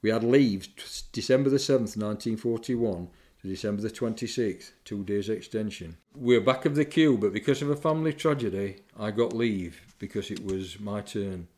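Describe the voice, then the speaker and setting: Older veteran, low voice, plain-spoken and reflective memoir teller. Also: male voice, moderate pace, dark tone. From England, Sheffield. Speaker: war veteran recounting memories. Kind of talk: personal memoir recollection.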